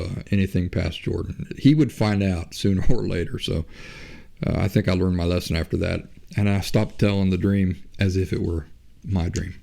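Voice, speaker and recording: This podcast host has a deep, gravelly yet mellow voice. He spins his tale casually and conversationally, like he's just chatting.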